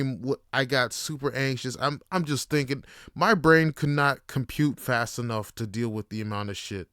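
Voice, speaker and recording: A man's voice: medium pitch, a bit bright, smooth, dry recording, clean studio sound. A young adult man hosting a podcast, telling a story in a casual, slangy, profane way. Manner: laid-back, slangy and profane. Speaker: podcast host.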